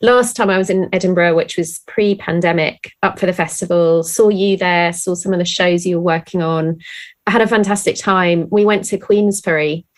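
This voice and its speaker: Woman host, upbeat, quick, laughs along, casual chat. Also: fairly low pitch, fairly even intonation.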